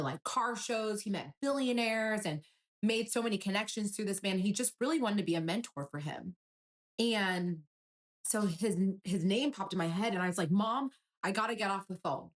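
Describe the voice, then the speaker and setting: Earnest woman telling a personal story. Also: mid-range voice. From Nigeria. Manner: emotional, earnest recounting with quoted dialogue.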